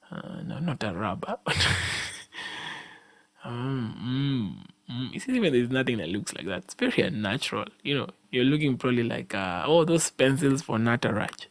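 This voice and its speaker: A man's voice: medium pitch, gravelly. A young Kenyan man hosting a casual solo podcast, rambling and repeating himself as he exhorts his listeners, sleepy after a long day. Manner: rambling, repeats himself, frequent restarts and fillers. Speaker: podcast host.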